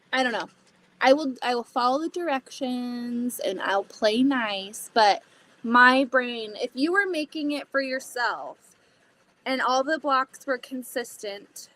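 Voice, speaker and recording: A woman's voice: on the high side, a bit bright. A woman hosting a casual sewing livestream, chatting to viewers and thinking aloud as she cuts fabric. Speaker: livestream host.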